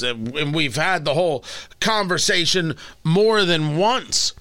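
Emphatic high-pitched talk radio host. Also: male voice, slow pace, bright, forceful tone, dry recording. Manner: emphatic, rising to heated exclamations. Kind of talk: opinionated talk radio monologue. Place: radio studio.

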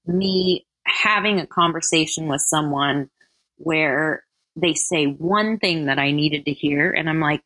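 Woman guest, lowish bright voice, chatty and self-deprecating, close dry mic. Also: unhurried, no echo. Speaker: interview guest. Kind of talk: casual conversational interview.

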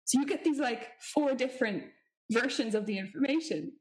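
A woman singing teacher in casual chat, animated and curious, with quick asides. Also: a little high.

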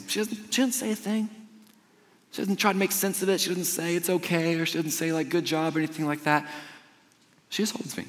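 A young man preaching a sermon, telling personal stories in a conversational way and swinging between quiet, intimate lines and loud, emphatic ones. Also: on the high side. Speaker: pastor. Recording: long reverb of a large hall.

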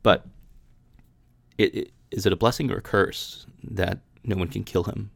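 Low guy with a gravelly voice, casual bible chat podcast, dry close sound. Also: steady tone, a little slow, no room sound. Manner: reads scripture aloud then chats about it with many restarts. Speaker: podcast host. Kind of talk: casual Bible reading and commentary.

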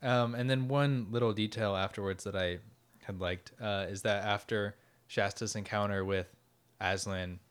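A man's voice: on the low side, steady tone, normal speed, smooth. Man casually retelling a story. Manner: retells a story conversationally, many fillers. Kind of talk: casual faith discussion.

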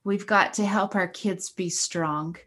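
A woman's voice: mid-range voice, fairly even intonation, slow pace, fairly bright tone. A middle-aged woman, a school counselor, telling a personal story in an earnest, encouraging way during a casual podcast conversation.

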